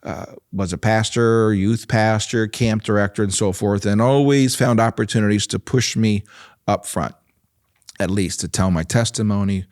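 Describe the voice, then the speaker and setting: Man in his fifties, low-set voice, chatty guest who laughs while telling stories. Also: steady tone, moderate pace, dry recording, clean studio sound. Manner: warm storytelling with frequent laughs and fillers. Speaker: nonprofit president and guest. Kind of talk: relaxed conversational interview.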